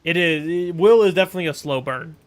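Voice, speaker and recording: Joking, higher-voiced male streamer. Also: fast. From Europe. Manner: joking, rambling, laughs often. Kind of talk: casual gameplay commentary.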